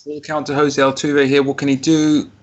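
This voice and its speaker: A man co-hosting a live baseball show, calling the plays, hesitant and apologetic between bursts of excitement. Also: medium pitch, normal speed, lo-fi sound. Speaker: co-host. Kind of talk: live play-by-play commentary.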